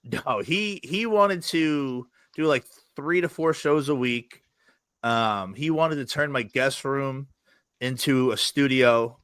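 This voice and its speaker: Bright-voiced, fast-storytelling man. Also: medium pitch, clear, resonant tone, no room sound. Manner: fast, profane storytelling with bursts of laughter. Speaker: podcast guest. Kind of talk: casual podcast chat.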